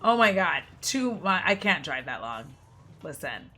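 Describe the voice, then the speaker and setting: A woman's voice: low voice, sing-song, unhurried, bright, forceful tone, husky. A woman streaming a video game, giving casual, profane commentary with a lot of laughter.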